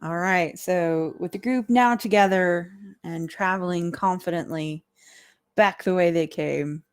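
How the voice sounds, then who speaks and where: A woman running a tabletop game as dungeon master, narrating in a relaxed, meandering way and laughing often. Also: fairly low pitch, unhurried, clean tone.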